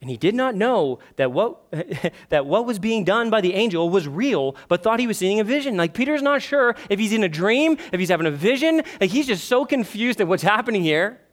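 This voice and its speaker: A man's voice: sits high, moderate pace, few pauses. A man in his thirties preaching a sermon in church, breaking into pleading, acted-out prayers with lots of energy. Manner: animated, acts out prayers in a pleading raised voice. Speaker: pastor. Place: church sanctuary.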